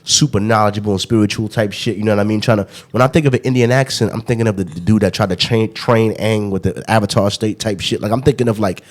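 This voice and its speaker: A low-pitched man talks quickly as a podcast host in loose, casual chat. He rambles, laughs often and fills gaps with repeated asides. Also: fairly even intonation. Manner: rambling, laughing, filler-heavy.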